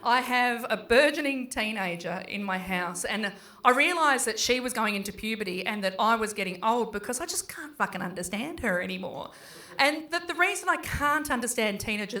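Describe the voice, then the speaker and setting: Bright-voiced Australian woman doing stand-up. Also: mid-range voice. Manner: conversational, swears freely, acts out her kids in quick voices. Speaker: stand-up comedian. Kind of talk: stand-up comedy set. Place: small pub stand-up venue.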